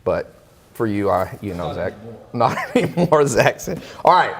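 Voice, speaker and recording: A man hosting a casual talk, telling a story in an animated way and acting out the voices of the people in it. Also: on the low side, measured pace, vocal fry, in a large hall, a little hiss or hum. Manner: animated, acts out quoted voices. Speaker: podcast host.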